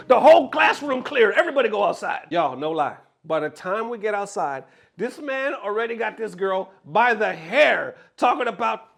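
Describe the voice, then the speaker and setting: A young man telling a true school story to viewers, animated and full of slang. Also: high-pitched, normal speed, creaky, soft background music. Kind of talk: storytime vlog.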